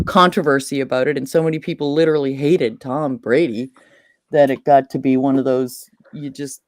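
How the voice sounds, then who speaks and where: Middle-aged New England woman, chatty host, animated storyteller, dry close sound. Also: low-pitched, no room sound. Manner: chatty, animated storyteller who laughs often. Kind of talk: casual chat.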